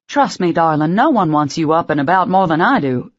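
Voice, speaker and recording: Narrator as affectionate older grandma, low voice, dry muted audio. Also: female voice, expressive, fairly quick, dry recording, dull audio. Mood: doting. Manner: affectionate, uses endearments. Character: warm older Southern grandmother, doting.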